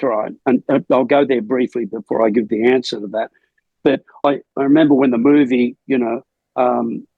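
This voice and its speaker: An older man, a rock singer being interviewed, telling rambling anecdotes in a gravelly, husky voice. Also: medium pitch, a little mellow, dry recording, low-quality recording. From Australia. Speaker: lead singer, interview guest. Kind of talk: casual storytelling interview.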